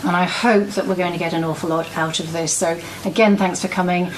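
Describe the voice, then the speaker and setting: A woman's voice: on the low side, steady tone, fairly quick, a little hiss or hum. A British woman organising a small meeting, speaking in a rambling way with many fillers and earnest thanks.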